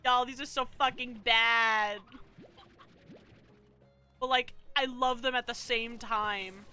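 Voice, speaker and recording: A woman's voice: on the high side, steady tone, slow, bright, forceful tone, faint music behind. A woman streaming a game live, chatting casually, reading chat aloud and yelping and swearing at the game. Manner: reads chat messages aloud playfully. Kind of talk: casual gameplay commentary.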